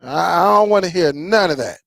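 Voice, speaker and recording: A man vents to his viewers in a high voice, repeating himself as he grumbles. The sound is dry and close to the mic. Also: moderate pace, creaky, no room sound. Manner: animated, repeats himself, grumbling football rant. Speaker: tech channel host. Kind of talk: casual ranting to viewers.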